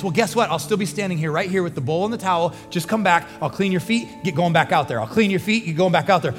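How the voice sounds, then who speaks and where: A man preaching with a high, quick voice, talking to his listeners in a close and conversational way. His words ring out in a big church hall with a long echo, and music plays under him. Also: lively intonation. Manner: earnest, conversational preaching with rising emphasis. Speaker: pastor. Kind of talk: sermon.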